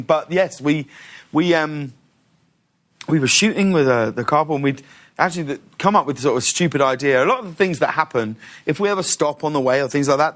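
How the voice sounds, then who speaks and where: A middle-aged man, telling stories in a casual interview with an animated, laughing manner. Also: a little high. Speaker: talk show host, guest.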